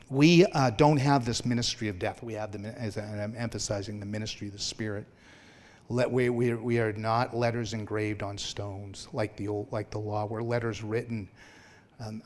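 A man's voice: medium pitch, a little mellow. A man preaching a sermon to his congregation in a conversational way, asking them questions as he goes. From Anglican family background. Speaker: minister.

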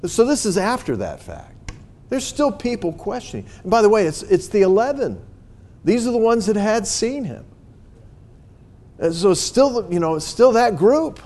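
A man's voice: high-pitched, very animated, normal speed, darkish tone. A man preaching a sermon as pastor, earnest and emphatic, often restarting and repeating words as he builds to his points.

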